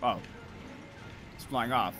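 A young man streaming a game, just woken up, swearing and yelling at the monster with sudden whoops. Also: medium pitch, slow pace, over music. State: just woke up, groggy. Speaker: gaming streamer. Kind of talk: live gameplay commentary.

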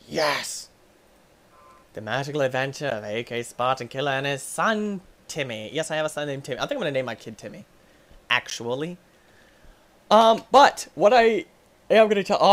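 A young man playing a video game and commenting on it, excitable, yelping and laughing often. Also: medium pitch. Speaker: gaming YouTuber.

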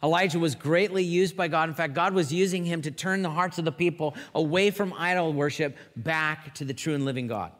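Man, pastor, preaching, animated storyteller, slightly high voice, long hall reverb. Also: a little fast, hardly any pauses. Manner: animated storytelling, acting out quotes. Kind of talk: sermon.

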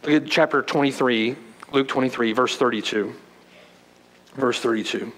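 A male pastor preaching a sermon, moving from loud, forceful emphasis to hushed, quiet passages. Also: moderate pace, slight background noise. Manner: dramatic preaching, swinging from loud emphasis to hushed low tones. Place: church sanctuary. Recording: long hall reverb.

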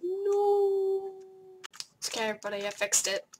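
A woman with a high voice talks through her game in frustrated, sweary bursts that stumble over words. The recording is noisy, with clicking keys close to the mic. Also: fairly even intonation, moderate pace. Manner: frustrated, swearing, stammering outbursts. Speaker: gaming video creator. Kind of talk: let's play commentary. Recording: noisy home mic with keyboard clatter. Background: keyboard clicks and typing.

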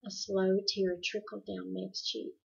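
A woman narrating a storybook with an even, expressive reading, in a dull lo-fi recording. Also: mid-range voice, a little slow, gravelly, breathy edge. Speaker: audiobook reader.

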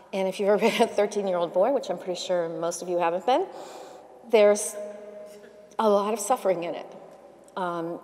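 A woman's voice: fairly low pitch, dark tone. A woman giving a conference keynote, telling candid stories with laughs and asides. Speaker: keynote speaker. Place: large domed hall. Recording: long hall reverb.

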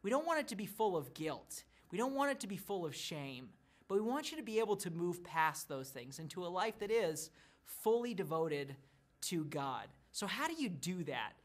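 Pastor guy in his 30s talking to small groups on video, animated, tells stories about his kids. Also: high-pitched. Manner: warm storytelling, animated about his family.

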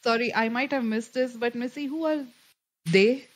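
A woman's voice: on the high side, brisk, poor audio. A woman co-hosting a podcast, chatting casually and asking her co-hosts questions. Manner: inquisitive, asks questions. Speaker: podcast co-host. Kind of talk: casual chat.

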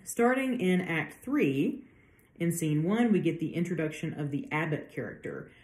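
Chatty low-voiced woman lecturing. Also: big pitch swings, moderate pace, darkish tone, roomy sound. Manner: chatty, frequent fillers, acts out quotes. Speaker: literature professor. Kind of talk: casual lecture.

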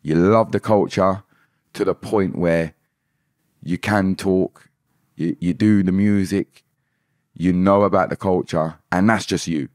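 Young british guy, deep voice, keeps restarting, dry close sound. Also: fairly even intonation, unhurried, long pauses, a little mellow, no room sound. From Britain. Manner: rambling, with many restarts and repeated words. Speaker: podcast guest, dancehall artist. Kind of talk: candid personal storytelling. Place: podcast studio.

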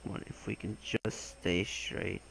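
A young man giving gaming commentary, excitable and swearing, with loud exclamations and a voice that cracks. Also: sits low, takes it slowly, gravelly, a little hiss or hum, low-quality recording. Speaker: gaming channel host.

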